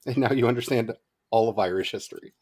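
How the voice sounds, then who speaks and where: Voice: medium pitch, fast talker, breathy edge. A co-host in casual chat, telling stories with lots of giggling. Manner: giggly, animated storytelling.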